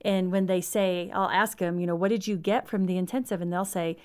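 A woman's voice: lowish voice, fairly even intonation, fairly quick, a little mellow, clear, resonant tone. A woman who works as a marriage counselor, guesting on a talk show and speaking earnestly about couples she works with. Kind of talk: casual talk show chat.

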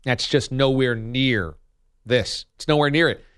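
A man's voice: mid-range voice, a little slow, a bit bright, clear, resonant tone, no room sound, clean studio sound. A man giving opinionated sports commentary as a radio host, emphatic and argumentative, hammering points with punchy repetition.

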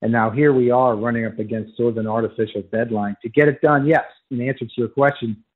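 A man's voice: mid-range voice, fairly even intonation, quick pace. A man calling in as a college football writer, giving emphatic, argumentative analysis on sports radio over a phone line.

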